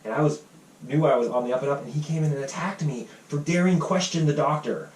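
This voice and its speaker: A man hosting a casual podcast, telling a heated story fast, quoting others and swearing freely. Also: fairly high pitch, darkish tone. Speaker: podcast host. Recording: roomy, distant mic with faint ambience.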